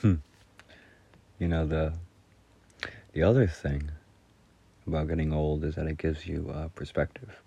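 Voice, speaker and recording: A man's voice: rumbling low, steady tone, a little slow, gravelly, long pauses, warm tone, slightly rough. A middle-aged man casually telling stories, laughing often and rambling with crude humor. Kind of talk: casual storytelling monologue.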